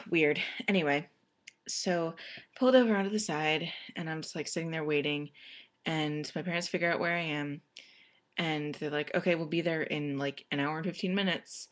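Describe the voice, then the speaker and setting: A woman's voice: low-pitched, fairly even intonation, moderate pace, fairly bright tone. A young woman telling a personal story casually, rambling with many fillers and restarts.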